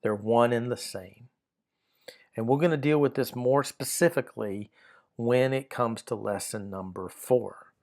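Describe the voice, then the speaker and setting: A man's voice: medium pitch, measured pace, a little mellow. A man teaching a recorded grammar lesson, explaining patiently and often repeating words and saying "uh" and "um".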